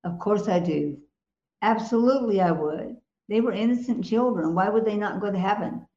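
A woman's voice: mid-range voice, moderate pace, mellow, echoey room, muffled recording. A woman co-hosting a Christian talk show, speaking with emphatic assurance and laughing easily. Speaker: co-host.

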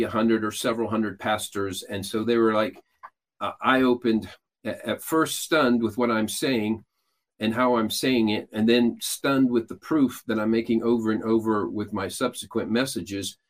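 A man's voice: lowish voice, fairly even intonation, moderate pace. A man hosting a show, talking loosely and explaining at length, with frequent restarts and filler sounds. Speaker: host. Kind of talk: casual teaching talk.

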